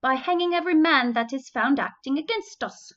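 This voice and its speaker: A woman voicing a ruthless male British army officer in a breathy whisper with a mock British accent. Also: high-pitched, fairly quick, fairly bright tone, muffled recording, voice pushed up. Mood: menacing.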